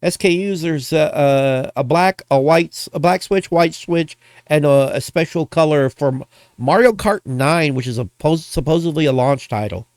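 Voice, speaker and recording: A man hosting a gaming video, ranting casually in an animated, rambling way and tossing out playful insults. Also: on the high side, moderate pace, no room sound.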